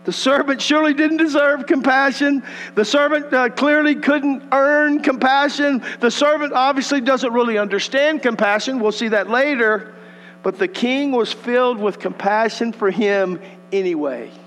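A man preaching a sermon, animated and folksy, acting out the voices of the scripture passages. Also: extremely high pitch, normal speed. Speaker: pastor. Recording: long hall reverb with mains hum.

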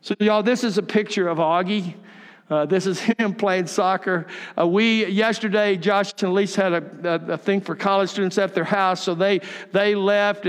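A man's voice: sits high, long reverb tail. An older man preaching a sermon, telling folksy stories with chuckling asides. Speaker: pastor.

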